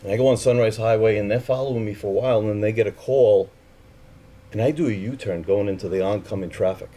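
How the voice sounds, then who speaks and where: A man's voice: on the low side, fast talker, mellow, a little hiss or hum. Candid New man telling a story. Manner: candid and profane, acts out quoted voices. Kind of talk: personal storytelling.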